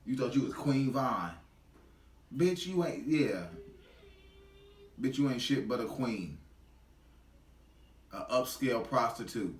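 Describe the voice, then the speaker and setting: A man's voice: mid-range voice, slow, long pauses, roomy sound, distant mic. A man giving a heated, profane reaction commentary in blunt street slang.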